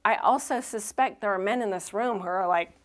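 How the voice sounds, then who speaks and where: In a church sanctuary, a woman pastor with a medium-pitched, slightly quick voice preaches casually. She retells the story in an animated, conversational way, acting out the characters' lines as she goes.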